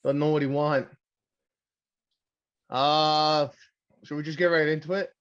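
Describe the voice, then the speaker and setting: A man's voice: on the high side, unhurried, clean tone, muffled recording. A young man from Canada hosting a wrestling podcast, rambling and swearing in casual chat. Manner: rambling, crude, excitable. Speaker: podcast host.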